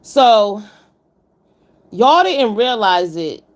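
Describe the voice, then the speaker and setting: A woman's voice: mid-range voice, big pitch swings, extremely slow. A woman hosting a casual livestream, giving blunt commentary on a contest and greeting viewers by name. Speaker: livestream host reviewing a contest.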